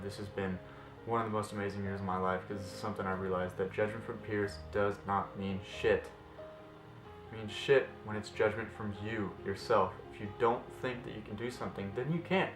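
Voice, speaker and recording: A man in his twenties ranting passionately to camera in a fitness vlog, blunt and swearing freely. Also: fairly low pitch. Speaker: fitness vlogger. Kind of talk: impassioned vlog rant to camera. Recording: roomy echo with faint music.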